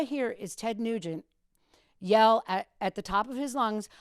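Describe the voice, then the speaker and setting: A woman in her fifties, a radio host on a podcast, telling stories with big, lively swings into a high voice when she quotes people. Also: a little slow, clean tone, no echo, studio quality. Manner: animated storyteller, acts out quotes in a high voice. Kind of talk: casual storytelling chat.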